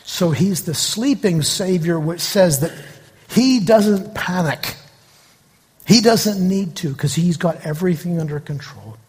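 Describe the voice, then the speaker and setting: A man with a husky, somewhat high voice delivers a sermon, animated as he retells stories and briefly acts out the voices in them. His words ring out with a long reverb, as in a large church hall. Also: a little slow. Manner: animated storytelling, acting out quoted voices. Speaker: pastor.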